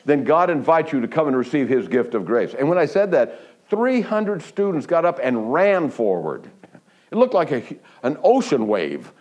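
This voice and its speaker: A man preaching a sermon who tells stories with growing excitement, often restarting his sentences. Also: normal speed. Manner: animated storytelling, pitch climbing high when excited; restarts and stumbles, laughs between phrases. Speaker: pastor.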